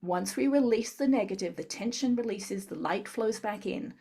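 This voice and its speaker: A woman guest in an interview, calmly explaining a tapping technique step by step. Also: mid-range voice, moderate pace, slightly rough. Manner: calm step-by-step instructor. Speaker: guest, tapping therapy practitioner.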